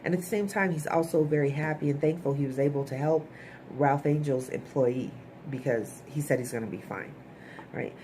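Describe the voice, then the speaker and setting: A woman's voice: low voice, normal speed, warm tone, a little hiss or hum. A woman giving a chatty, opinionated recap of a TV episode, blunt and swearing casually. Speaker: TV episode reviewer.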